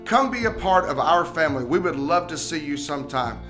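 A man reading a scripted church podcast outro in a steady, upbeat way. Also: fairly high pitch, a little fast, music in the background. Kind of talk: scripted announcement.

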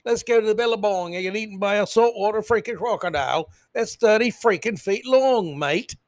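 A man's voice: high-pitched, a little fast, dry recording, studio quality, voice pushed up, lightly acted. A man putting on a playful, exaggerated mock Australian accent that drifts toward British. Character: jokey mock Australian bloke, adult man.

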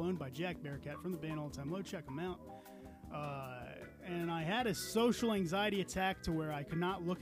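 A man hosting a casual podcast, joking around and running a quiz for his friends. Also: fairly high pitch. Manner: joking, storytelling, quizmaster. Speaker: podcast host. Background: music held up to the mic.

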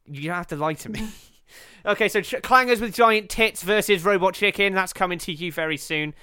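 Brief: male podcast host, a bit high-pitched and crisp, crude joking riffs full of swearing. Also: fairly quick, pushed and bright, no echo, studio quality. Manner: laughing, riffing, swearing freely. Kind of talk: crude comedic banter.

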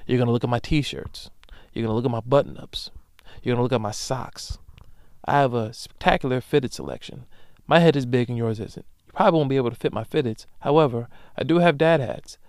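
A man's voice: mid-range voice, fairly quick, gravelly, clear, resonant tone, dry recording. Young male podcast host, emphatic profane rant, resonant voice, dry close mic. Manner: emphatic, profane, with loud animated bursts. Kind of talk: solo comedic podcast rant.

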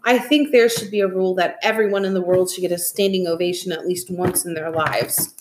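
Expressive woman reading a novel aloud. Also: lowish voice, brisk, noisy background. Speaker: reader. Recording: echoey room.

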